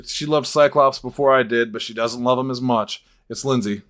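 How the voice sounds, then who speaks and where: Joking, energetic podcast host man. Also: medium pitch, moderate pace. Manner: joking and energetic, laughing often. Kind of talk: casual comedic movie-review podcast chat.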